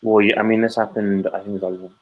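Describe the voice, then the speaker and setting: A man's voice: fairly low pitch, quick pace, muffled recording. A man in his thirties, a podcast co-host, telling stories in casual chat and acting out quoted lines. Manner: animated storyteller, acts out quoted lines loudly.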